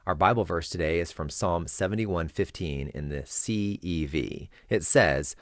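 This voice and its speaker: A man hosting a podcast for children's ministers, teaching Bible storytelling with dramatic pauses and hushed whispers. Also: sits low, no echo, studio quality.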